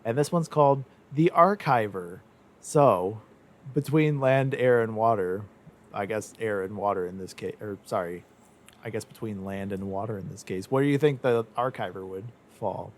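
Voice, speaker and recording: A man's voice: on the low side, moderate pace. A young man hosting a casual podcast chat, rambling with lots of fillers and frequent laughs. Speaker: podcast host.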